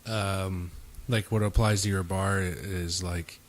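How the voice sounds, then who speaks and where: A man's voice: low-pitched, steady tone, unhurried. A young man hosting a podcast, telling a long, profane bar story in casual chat and acting out what others said. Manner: rambling, profane, acts out quotes of others. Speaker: podcast host.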